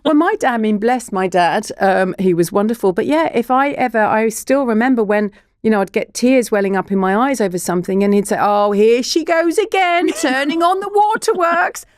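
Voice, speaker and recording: A woman's voice: mid-range voice, brisk, hardly any pauses, a little mellow, smooth, no echo, studio quality. A middle-aged woman, a child therapist and broadcaster, explaining things earnestly as a guest in a podcast interview. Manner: earnest, explanatory, science-minded.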